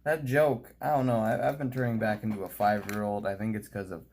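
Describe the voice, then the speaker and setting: A young man with a fairly low, steady voice speaks a little fast as he narrates a relaxed hobby video. Playful, he chats to himself and his model, sometimes whispering quietly over the fiddly bits.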